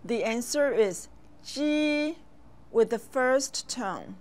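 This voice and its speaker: A woman language instructor teaches slowly and deliberately, enunciating clearly and carefully with long pauses. Her voice is a little high and expressive, heard over soft background music.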